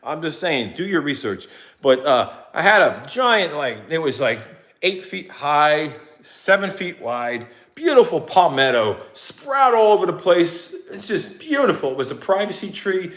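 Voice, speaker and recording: A man's voice: on the high side, a little slow. A middle-aged man ranting in a casual, rambling way to his viewers, acting out what others said. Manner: animated, rambling, acts out quotes. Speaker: vlogger.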